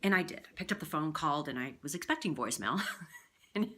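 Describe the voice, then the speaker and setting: A woman coaching viewers in speaking, chatty and demonstrative as she talks to camera. Her fairly low voice swoops up and down a lot. She sounds like a practiced voiceover artist. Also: animated, fast, a bit bright, slight background noise. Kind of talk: direct-to-camera tips video.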